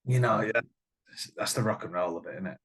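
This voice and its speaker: A middle-aged man, a musician chatting casually and telling animated, swearing stories full of acted-out voices. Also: lowish voice, fairly quick. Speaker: band musician, guest. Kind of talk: casual chat.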